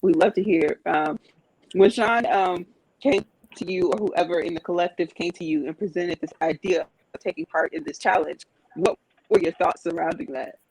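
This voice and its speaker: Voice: mid-range voice, expressive, normal speed, gravelly, darkish tone, breathy edge, poor audio. A podcast host leading a casual group chat, encouraging the guests and putting questions to everyone.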